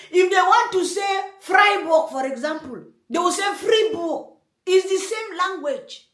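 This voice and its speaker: A woman hosting a reaction video, speaking her mind in an emphatic, rambling, indignant way. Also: very high voice. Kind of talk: casual commentary. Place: room in Germany. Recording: echoey room.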